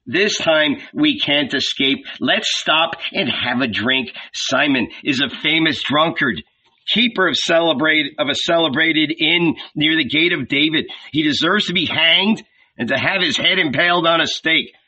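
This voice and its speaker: A man's voice: fairly high pitch, unhurried, bright, forceful tone, breathy edge, far from the mic, full character voice. A man voicing a tipsy, grumbling fisherman. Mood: hearty. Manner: grumbling, hearty banter. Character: jovial, easygoing male fisherman disciple, tipsy. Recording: dull lo-fi recording.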